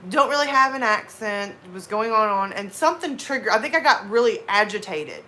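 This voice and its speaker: A woman's voice: medium pitch, lively intonation, a little fast, sharp tone. A woman from the American South with a light Southern accent, chatting casually and laughing with her live stream viewers. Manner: chatty, laughs often, slips into drawled Southern phrases.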